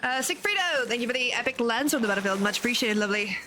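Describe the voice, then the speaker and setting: A woman's voice: on the high side, lively intonation, quick pace, pushed and bright. An Australian woman chatting casually to viewers on a live game stream, swearing freely and thanking viewers as she plays. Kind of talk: casual live-stream chat while gaming.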